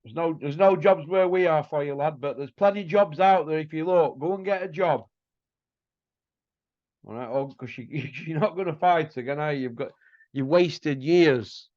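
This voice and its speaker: A man's voice: fairly high pitch, normal speed, no room sound, highs cut off. A man, hosting a casual show and ranting bluntly and scornfully. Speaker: host.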